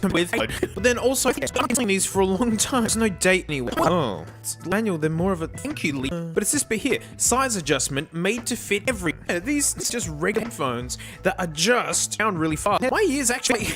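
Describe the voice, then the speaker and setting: A man talks in a loose, rambling stream-chat manner, his pitch swinging widely and sitting a touch high for a man. He laughs often between thoughts. Faint music runs underneath. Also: sing-song, brisk, few pauses, fairly bright tone. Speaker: streamer and vlogger. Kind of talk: casual chat.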